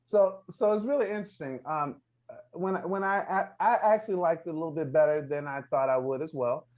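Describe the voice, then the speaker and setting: A man hosting a casual movie review roundtable, animated and often restarting his sentences as he thinks aloud. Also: fairly high pitch, a little fast, dull audio. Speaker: film critic host.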